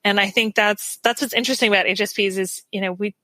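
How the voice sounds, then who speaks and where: A woman with a bright, clear voice speaks as a podcast guest. She is earnest and reflective and often laughs softly, recorded on a dry, close mic. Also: medium pitch, fairly even intonation, fast talker, no echo. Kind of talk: casual interview chat.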